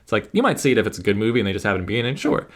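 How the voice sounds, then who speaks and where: A man's voice: lowish voice, very animated, racing, over a noisy crowd. A man co-hosting a podcast, talking in an opinionated, rambling casual chat. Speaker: podcast co-host.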